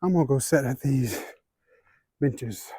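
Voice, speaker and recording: A man's voice: mid-range voice, expressive, unhurried, warm tone, slightly rough, no room sound. Male hiking vlogger, Ozark accent, casual and breathless, dry close sound. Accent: Ozark Southern American. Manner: chatty, easygoing, talks to viewers while walking. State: out of breath from climbing. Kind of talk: casual walking vlog. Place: outdoors on a wooded trail. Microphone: handheld camera.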